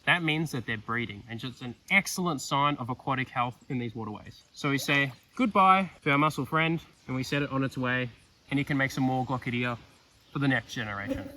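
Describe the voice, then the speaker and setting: Recorded on a distant mic with a little outdoor noise in the background, this young man's medium-pitched voice comes across bright and forceful. He's a PhD student doing swamp fieldwork, joking about himself and chatting eagerly in a laid-back outdoor vlog.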